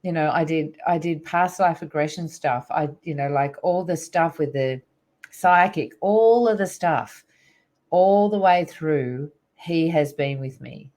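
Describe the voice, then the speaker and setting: A woman's voice: deep voice, unhurried, darkish tone. A middle-aged woman, a guest on an interview show, earnestly recounting a personal spiritual story in a rambling way with many fillers.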